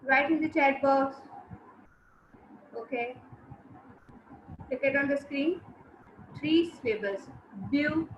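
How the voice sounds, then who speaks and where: A woman teacher, giving an online class, repeating words and syllables slowly and giving brisk commands to students. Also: sits high, a little hiss or hum. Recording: roomy, slightly dull sound.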